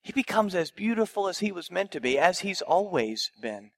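Guy preaching a sermon, kinda high voice with a gravelly edge, punchy rhetorical questions. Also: big pitch swings, normal speed. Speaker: pastor.

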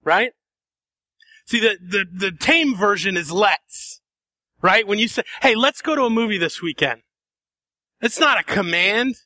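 A man preaching a sermon, dramatic, acting out voices and shifting between soft and loud passages. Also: high-pitched, animated, measured pace, long pauses, dry recording. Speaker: pastor.

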